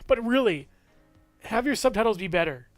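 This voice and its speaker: A movie reviewer chats through his film picks in a casual vlog, rambling animatedly at a normal speed with lots of fillers, restarts, and frequent chuckles. His voice sits high for a man and sounds smooth and clean. The recording is dry and close, with faint music underneath.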